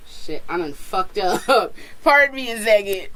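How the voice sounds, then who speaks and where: A woman's voice: mid-range voice, unhurried. A young woman from Florida vlogging at home about video games, swearing freely in slang and breaking into screams of joy. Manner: profane, slangy, bursts into screams of excitement. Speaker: gaming vlogger. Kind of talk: excited casual vlog rant.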